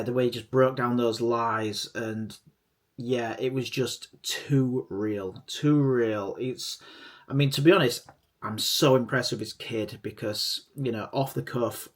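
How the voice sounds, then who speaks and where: Rambling, enthusiastic reaction-channel host. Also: male voice, fairly low pitch. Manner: rambling and enthusiastic, repeats himself. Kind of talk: casual reaction commentary.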